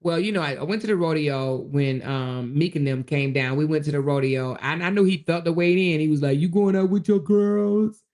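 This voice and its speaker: A woman's voice: low voice, a little fast, hardly any pauses. A woman hosting a casual livestream, chatting with viewers and acting out both sides of her stories while laughing often. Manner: animated storyteller, acts out both sides of arguments; laughs often, calls listeners "child". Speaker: host of a live commentary show. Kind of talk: casual livestream chat reading viewer comments.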